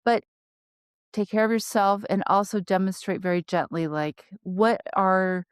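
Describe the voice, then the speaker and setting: A middle-aged woman co-hosting a podcast discussion, speaking in a gentle, caring and practical way. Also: medium pitch, a little slow, clean tone, dry recording, studio quality. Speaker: podcast co-host. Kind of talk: casual panel discussion.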